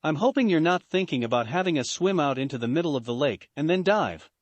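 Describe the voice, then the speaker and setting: A man's voice: on the high side, animated, fast, dry recording. A man reading as a wary young woman. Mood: uneasy.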